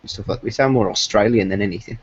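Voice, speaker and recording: A man's voice: on the low side, fast, breathy edge. A man co-hosting a casual online fan chat, laughing often and cutting in to ask others to hold on, on a dull lo-fi recording. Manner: laughs often, interrupts with "hang on".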